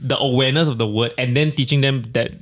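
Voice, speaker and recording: A man's voice: mid-range voice, fairly even intonation. A man hosting a casual podcast chat, readily agreeing and adding his own views as a parent. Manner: agreeable, quick to affirm.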